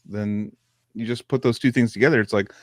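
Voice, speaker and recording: A man's voice: on the low side, steady tone, fairly quick, dry recording. Man, podcast co-host, casual profane chat, laughs a lot, dry close sound. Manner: loose, profane, laughs often.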